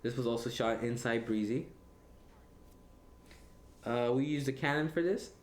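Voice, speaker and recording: A man's voice: medium pitch, a little slow. A man directing a casual film commentary, chatty and laughing often. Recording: echoey room with faint noise.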